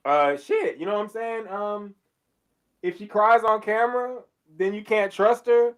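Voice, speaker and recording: Loud, swearing high-voiced man. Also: unhurried, clean tone. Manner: animated, loud outbursts, heavy swearing. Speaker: podcast co-host. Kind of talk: casual sports chat.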